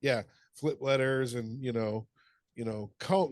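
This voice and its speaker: A man's voice: mid-range voice, unhurried, no echo. A middle-aged man co-hosting a podcast, chatting casually, telling funny stories, laughing and swearing freely. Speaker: podcast co-host. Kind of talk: casual chat.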